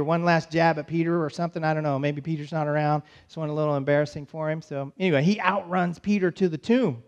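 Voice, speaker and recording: Man, pastor, high voice, storytelling sermon, conversational, church. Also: fairly even intonation, darkish tone, clear, resonant tone, highs cut off. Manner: storytelling, voices the disciples' panic in quick asides.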